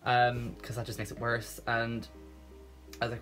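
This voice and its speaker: A man's voice: medium pitch, monotone, normal speed, fairly bright tone, faint music behind. Rambling nervous young man telling a story. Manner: rambling and nervous, full of restarts and "like". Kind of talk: casual storytime monologue. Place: at home.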